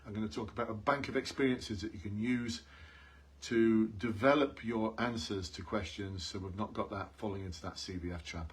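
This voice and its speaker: The speaker is a man with a lowish, husky voice at normal speed, coaching police job applicants on a live stream. He speaks earnestly, drives home key points through repetition, and calls out to viewers.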